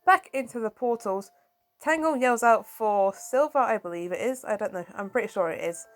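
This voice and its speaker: A woman recaps a comic book in a relaxed, chatty style, animated and quick to react. Her voice sits on the higher side. She comes across as casual and engaged. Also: faint music behind, rough recording.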